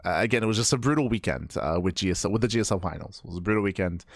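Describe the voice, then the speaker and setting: A man with a hoarse, strained voice from recent voice loss wraps up an esports broadcast as caster in a rambling, self-correcting, apologetic way. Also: sits low, very fast, no room sound, studio quality. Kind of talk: casual stream wrap-up.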